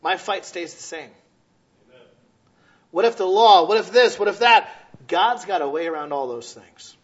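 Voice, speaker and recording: A man pastor preaching a sermon in a church, animated, asking questions aloud and acting out what people say. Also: high-pitched, measured pace, highs cut off. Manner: animated preaching, acting out quoted voices, shouts rhetorical questions.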